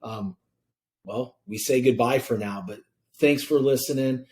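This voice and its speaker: A man's voice: medium pitch, a little slow, darkish tone. A male podcast host runs a casual interview, with a mid-range voice and plenty of slang. He sounds hyped and enthusiastic as he reacts and closes the show.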